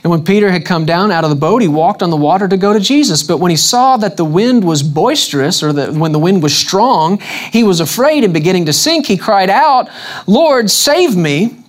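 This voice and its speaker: A man's voice: high-pitched, lively intonation, fairly quick. A man preaching an evening church sermon in a casual, conversational way. He keeps asking the congregation questions and acts out the scripture quotes with shifting emphasis. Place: church service before a congregation.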